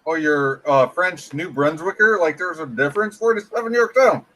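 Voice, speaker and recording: A man's voice: on the high side, normal speed, fairly bright tone. A man who is a guest on a casual livestream chat, teasing the others and swearing freely. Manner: crude, teasing, swears a lot.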